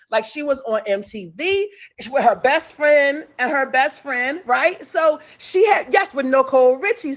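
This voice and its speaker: A woman hosting a livestream talk show, chatting about celebrity news in an excitable way, hyping up her listeners and repeating herself often. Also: high-pitched, highs cut off. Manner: excitable, hypes the audience, repeats phrases. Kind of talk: energetic celebrity gossip chat.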